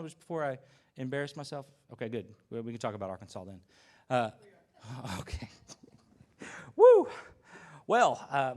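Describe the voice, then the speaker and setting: Easygoing man preaching a sermon. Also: medium pitch. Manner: relaxed storytelling with fillers and asides. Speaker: pastor. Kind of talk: conversational sermon.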